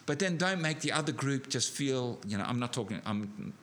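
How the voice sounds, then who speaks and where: A middle-aged man preaching a sermon, animated, building to emphatic peaks with frequent restarts. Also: mid-range voice, normal speed.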